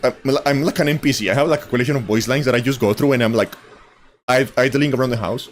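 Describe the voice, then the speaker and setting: A man whose first language is Spanish, hosting a casual podcast chat in a halting, filler-heavy, giggly way. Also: mid-range voice, slight background noise. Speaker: podcast host.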